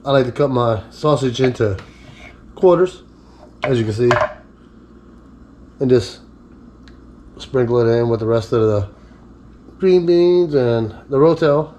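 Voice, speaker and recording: A man's voice: mid-range voice, a little slow, long pauses, warm tone, a little hiss or hum. A man giving a casual cooking demonstration in his home kitchen, chatty and easygoing, and talking to his dog between steps. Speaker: cooking vlogger.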